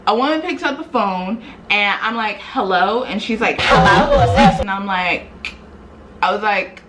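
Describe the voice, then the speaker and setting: A young woman vlogger retelling a story in a casual, animated, slangy way, acting out quoted dialogue. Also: medium pitch, a little hiss or hum, poor audio.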